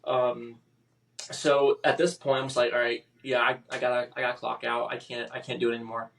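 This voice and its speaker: Halting, emotional man, a little off-mic. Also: mid-range voice, little pitch movement, vocal fry, fairly bright tone, distant mic. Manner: halting, emotional, with many restarts and fillers. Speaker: podcast guest. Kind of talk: personal story in a podcast interview.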